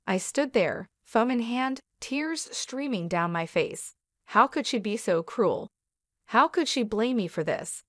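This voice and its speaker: A woman narrating a dramatic first-person story in an even, measured way. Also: a little high, no echo, studio quality.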